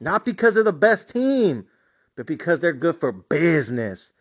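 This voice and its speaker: A man hosting a sports betting podcast, ranting in a loud, brash, profanity-filled style and repeating his catchphrases. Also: a little high, big pitch swings, normal speed. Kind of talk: profane hyped podcast rant. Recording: dull lo-fi audio.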